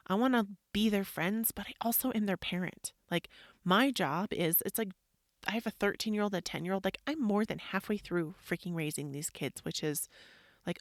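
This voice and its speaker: A mother in her thirties hosts a podcast, reflecting on her parenting struggles in a personal monologue. Her mid-range voice comes through clean studio sound with no room echo, and she's chatty, says "like" a lot, and acts out what people said.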